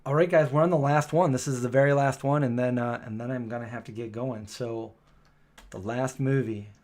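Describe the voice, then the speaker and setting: Streamer host, male, mid-range pitch: casual, rambling, hesitant live-chat delivery. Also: steady tone, fairly quick, darkish tone. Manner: chatty, rambling, lots of um and self-correction.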